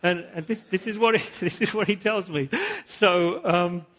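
A pastor preaching a sermon, animated, repeating phrases and asking the congregation questions. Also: male voice, high voice, normal speed, muffled recording. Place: church.

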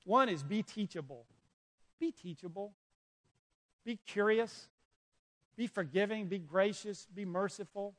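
A man's voice: high-pitched, a little slow, pauses often. A man preaching a sermon to young people, telling stories and urging listeners directly. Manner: animated, storytelling, urges listeners directly. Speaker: youth pastor. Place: indoor room with an audience.

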